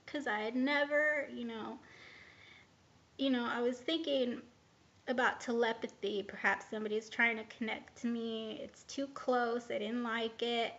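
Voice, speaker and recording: Gravelly, bright-voiced woman rambling candidly. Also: fairly high pitch, steady tone, a little slow, highs cut off. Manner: rambling and candid, full of hesitations and "like". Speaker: vlogger. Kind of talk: casual personal storytelling to camera.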